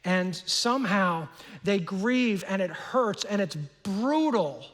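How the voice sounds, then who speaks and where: A middle-aged man preaching a sermon as pastor, earnest, often restarting and repeating words, dropping soft and low on painful words. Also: takes it slowly. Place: large church auditorium. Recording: long hall reverb.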